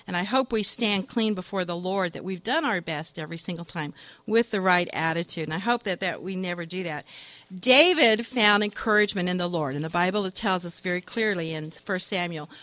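A woman's voice: lowish voice, a bit bright, dry recording. Woman, church devotional talk, earnest, exhorting, dry close sound. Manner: earnest and exhorting, telling a joke. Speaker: church funeral coordinator.

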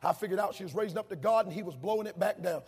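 A man in his thirties preaching a sermon, telling stories animatedly and shouting out his mother's lines. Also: high voice, rapid-fire, a little hiss or hum. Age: 30s. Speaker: pastor. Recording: long hall reverb.

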